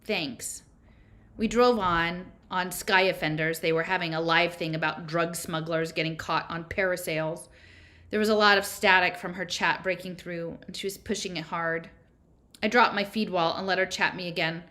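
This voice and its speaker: A woman's voice: lowish voice, fairly even intonation, normal speed, pushed and bright. Woman reading a novel aloud. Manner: casual, slangy first-person narration. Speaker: reader.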